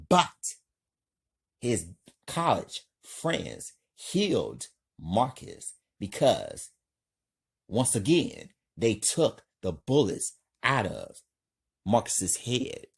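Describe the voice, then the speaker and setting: A man's voice: on the low side, gravelly, a bit bright, breathy edge. A man reading a crime script aloud in plain, scene-by-scene narration. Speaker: storyteller.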